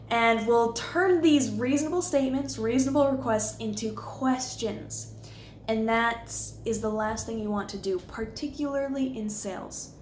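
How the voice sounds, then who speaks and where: A woman's voice: on the high side, a little hiss or hum. Woman coach in an echoey room. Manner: demonstrates voice inflection, conversational and explanatory. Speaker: communication coach. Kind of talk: instructional video lesson.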